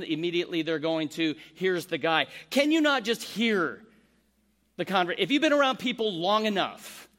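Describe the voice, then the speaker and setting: A man preaching a sermon, animated, acting out the complaints he quotes. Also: high voice. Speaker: pastor.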